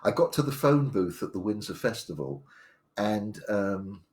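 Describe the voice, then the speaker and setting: A man's voice: lowish voice, animated, measured pace. A man, telling his life story live, rambling with many fillers and restarts. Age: 60s. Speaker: storyteller sharing his memoir.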